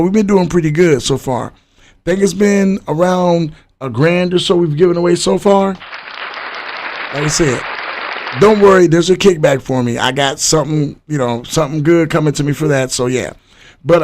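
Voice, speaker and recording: Man doing a live podcast stream, bit higher voice, chatty, talking to his viewers. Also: darkish tone. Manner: loose, chatty, talks straight to viewers. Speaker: livestream podcast host. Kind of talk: casual live-stream chat.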